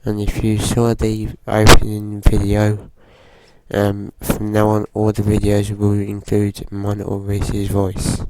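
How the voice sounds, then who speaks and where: A man with a groggy voice from a cold, giving slow, hesitant casual commentary while playing a driving game. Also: on the low side, monotone, noisy background. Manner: slow, hesitant, with frequent fillers. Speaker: gaming channel host.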